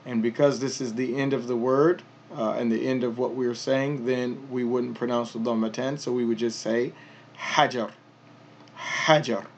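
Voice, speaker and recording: A man teaching a pronunciation lesson, patiently explaining each sound step by step and repeating words slowly. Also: medium pitch, level tone, a little mellow, slight background noise. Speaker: Arabic teacher.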